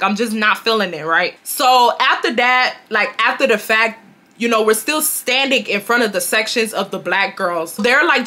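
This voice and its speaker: A young woman telling a storytime vlog in casual, animated talk, cursing and loudly acting out an argument. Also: a little high. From Nigeria. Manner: animated, swearing, loud mocking re-enactments of the argument. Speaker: storytime vlogger.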